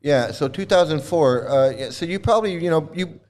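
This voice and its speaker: A middle-aged man hosting a livestream, chatting casually while showing old photos, halting with many fillers and restarts and laughing often. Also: on the high side, animated, a little mellow. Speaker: livestream host.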